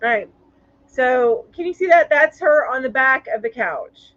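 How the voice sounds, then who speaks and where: A woman's voice: high-pitched, expressive, a little slow, fairly bright tone, dry recording, highs cut off. A woman hosting a casual live-stream chat, reading viewer comments aloud in a chatty way with lots of fillers.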